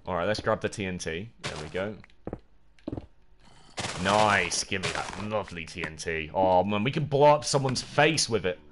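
A man's voice: low-pitched, animated, moderate pace, noisy background. A man livestreaming a video game, rambling, humming to himself and reading chat aloud. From United Kingdom. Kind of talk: gaming livestream chatter.

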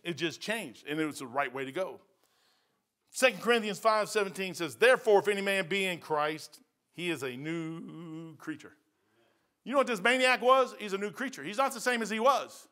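A man's voice: sits high, bright, forceful tone. A man in his sixties, a pastor with a Midwestern American accent, preaching a sermon in a folksy, emphatic way that repeats phrases for stress.

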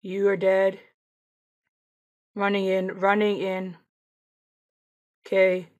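Excitable woman narrating her gameplay. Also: mid-range voice, slow, lo-fi sound. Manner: chatty, excitable, taunts opponents. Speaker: gameplay streamer. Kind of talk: casual gameplay commentary.

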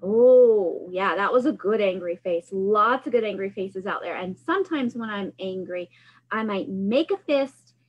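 A woman's voice: mid-range voice, animated, measured pace, highs cut off. A woman hosting a library storytime, singing action songs and coaching young children through gestures. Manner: cheerful, sing-song, coaching kids through motions.

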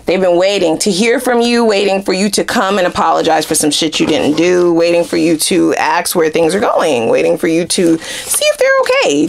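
A woman giving a casual tarot reading to camera, sassy and animated, with frequent laughter and asides. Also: lowish voice, normal speed, vocal fry, few pauses. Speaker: tarot reader.

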